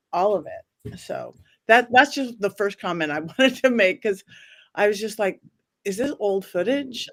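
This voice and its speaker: A woman hosting a casual panel chat, talking hesitantly with many restarts and fillers. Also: mid-range voice. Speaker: podcast host.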